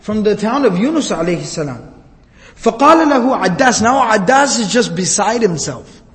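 A man giving an animated religious lecture, retelling a story and explaining phrases by repeating and rephrasing them. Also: high-pitched, quick pace. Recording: long hall reverb.

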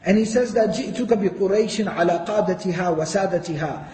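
Guy telling a history story to a crowd, talks super fast, highish voice, big echoey hall. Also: dark tone, a little hiss or hum. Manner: retells history, quotes in Arabic then translates. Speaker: Islamic lecturer. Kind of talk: storytelling lecture.

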